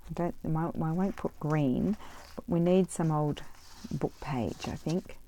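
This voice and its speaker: A woman's voice: low voice, a little slow, dark tone. A woman vlogging casually as she makes paper crafts, thinking aloud and drifting off on tangents. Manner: rambling, chatty, wanders off on tangents; thinks aloud while working. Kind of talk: casual chat while crafting.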